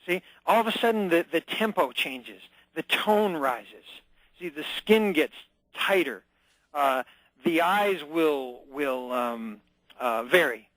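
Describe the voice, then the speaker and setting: A man speaking as a guest on a talk radio show, his voice sitting a little high. He talks with energy and emphasis, jumping into quick acted-out examples. The sound is close and dry, with no room around it. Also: lively intonation, fairly bright tone, no room sound, rough recording. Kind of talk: phone-in radio interview.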